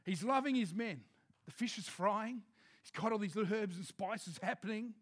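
A man preaching a sermon to his congregation in a lively, joking, conversational way. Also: high-pitched, normal speed. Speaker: pastor. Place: church hall with a congregation.

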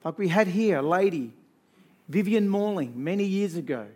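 A man's voice: high-pitched, animated, normal speed. Man preaching with emphatic repetition. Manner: swings between soft storytelling and loud rousing exhortation. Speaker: pastor. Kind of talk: sermon.

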